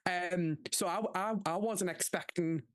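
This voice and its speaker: A speaker talks casually about films at a middling pitch. They wander off on tangents and laugh along the way. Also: measured pace. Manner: chatty, digressive, laughs. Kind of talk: casual chat.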